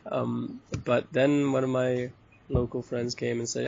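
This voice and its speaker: A man from Bali, a hostel owner being interviewed, talking in a loose, relaxed, rambling way with frequent chuckles and fillers. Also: medium pitch, a little slow, creaky, background noise. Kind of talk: casual chat interview. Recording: dull lo-fi recording.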